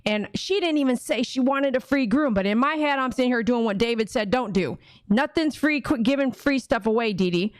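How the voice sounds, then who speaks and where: A woman's voice: on the high side, expressive, fairly quick, no echo. Woman groomer rambling on a livestream, acts out convos, dry close mic. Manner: chatty, rambling, acts out conversations. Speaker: dog groomer hosting a livestream. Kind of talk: casual livestream chat.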